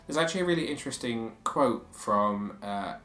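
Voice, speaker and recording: A man's voice: mid-range voice, lively intonation, normal speed, a bit bright, echoey room. A man co-hosting a podcast in casual chat, sharing strong opinions and reading quotes aloud. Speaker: podcast co-host.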